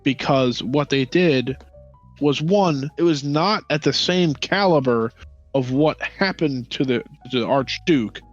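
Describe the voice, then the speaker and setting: This man's voice sits in the mid-range, and he takes his time. As a podcast co-host in a casual history discussion, he curses, mocks, and acts out nations in sneering quoted voices, all over faint music in a dull, lo-fi recording.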